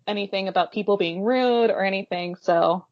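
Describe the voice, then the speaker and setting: A woman's voice: medium pitch, normal speed, muffled recording. A woman chatting casually on a podcast, supportive and teasing. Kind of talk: casual group chat.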